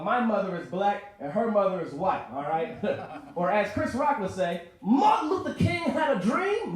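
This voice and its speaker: A man's voice: a little high, a little hiss or hum. A man in his twenties performing a stand-up comedy set, talking conversationally and checking that the crowd is following along. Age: 20s. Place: record store performance space. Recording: very echoey room.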